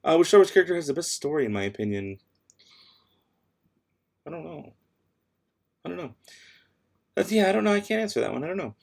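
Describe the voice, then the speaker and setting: A man's voice: fairly high pitch, animated, fairly quick, gravelly, pauses often, darkish tone. A man casually chatting on a late-night livestream at home, reading out viewer questions and answering with offhand sass. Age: adult with kids. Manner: offhand and sassy, answering chat between tasks. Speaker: livestream host.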